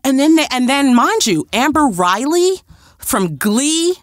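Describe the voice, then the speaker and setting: A woman's voice: sits high, measured pace, no room sound, studio quality. A woman guest telling a story with energy, acting out the voices of people she quotes. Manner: expressive, acts out quoted dialogue. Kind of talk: animated storytelling.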